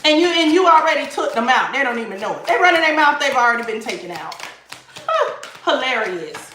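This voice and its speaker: A woman's voice: high-pitched, sing-song, a little fast, bright, forceful tone, roomy sound, slight background noise. A woman giving a live-streamed tarot reading, emphatic and sassy, repeating phrases for emphasis. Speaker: tarot reader.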